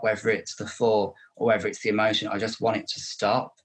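Gentle, empathetic male interviewer. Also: lowish voice, fairly even intonation, brisk. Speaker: interview host. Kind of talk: supportive interview conversation.

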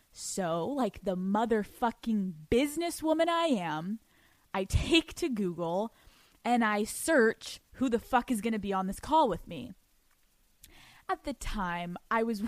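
A woman's voice: a little high, no room sound. A young woman hosting a podcast, telling a story in a giddy, profane way and laughing often. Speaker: podcast host. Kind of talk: casual storytelling monologue.

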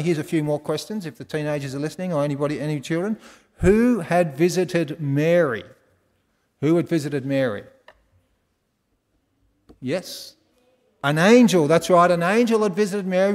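A man's voice: fairly high pitch, long reverb tail. A man with an Australian accent preaching a conversational sermon, quizzing the congregation with folksy asides. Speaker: pastor. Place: large church hall.

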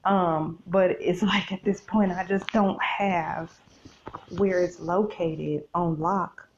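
A woman's voice: fairly low pitch, fairly even intonation, takes it slowly, lo-fi sound, a little hiss or hum. A woman hosting a podcast, talking casually about faith from her bed, chatty and addressing listeners as y'all. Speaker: podcast host. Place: in bed at home.

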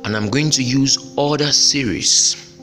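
A man's voice: mid-range voice, unhurried, a bit bright, in a large hall, soft background music. A man hosting a solo podcast and giving motivational career advice in an emphatic, repetitive, preacher-like way. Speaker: podcast host.

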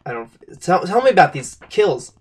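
A man's voice: high-pitched, sing-song, normal speed, husky. A man hosting a comedy podcast sketch, asking fumbling, stammering interview questions. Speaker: podcast host.

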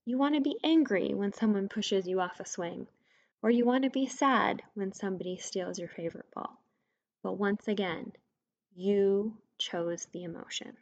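A woman's voice: medium pitch, moderate pace, a little mellow. A woman talks straight to her listeners in a solo podcast, explaining ideas plainly and landing hard on the points that matter. Her voice sits in a middle register. The recording is a little dull and muffled. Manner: direct, conversational, emphatic on key points. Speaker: podcast host, mindset coach. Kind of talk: scripted solo podcast teaching.

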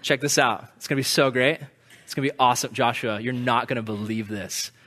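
A male preacher voicing God as a playful, confident male deity, in a lower, softer voice with a teasing build-up. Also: brisk, slight background noise, close to an everyday voice.

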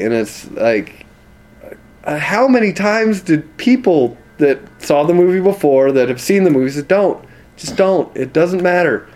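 A man's voice: a little high, measured pace. A man co-hosting a podcast, retelling scenes and putting on voices as he chats casually. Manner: animated retelling with voiced quotes and laughter. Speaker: podcast co-host. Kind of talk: casual chat.

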